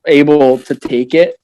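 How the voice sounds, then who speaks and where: A man's voice: fairly high pitch, warm tone. Giggly guy on a podcast. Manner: giggly, laughs through his own stories; loose talk full of "like" fillers. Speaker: podcast guest. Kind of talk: casual chat.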